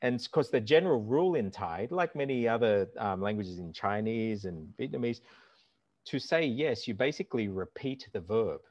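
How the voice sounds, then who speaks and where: Middle-aged male language teacher, animated and instructive, dry and close, heard over a dull lo-fi call. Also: lowish voice, normal speed, no echo. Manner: animated and instructive, demonstrates words aloud. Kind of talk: explanatory conversation.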